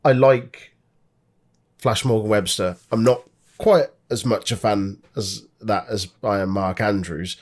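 A young man with a fairly low voice chats casually as a co-host. He fills his talk with "like" and jumps in with quick agreement. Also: darkish tone. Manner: chatty, lots of "like" and quick agreement. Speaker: podcast co-host. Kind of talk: casual chat about wrestling.

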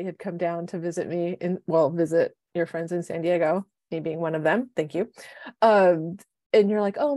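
A woman in her fifties, co-hosting a podcast as a life coach, telling stories with lively quoted voices. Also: lowish voice, dry recording. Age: 50s. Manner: animated storyteller, acts out quoted voices. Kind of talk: casual chat. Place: home, city.

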